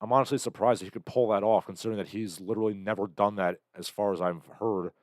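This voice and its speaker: Sardonic male streamer, low pitch, dry close sound, rambling chat-reading host. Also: fairly even intonation, fast, dry recording. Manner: rambling, sardonic, bursts into loud impressions. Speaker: livestream host. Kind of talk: casual commentary reading chat comments.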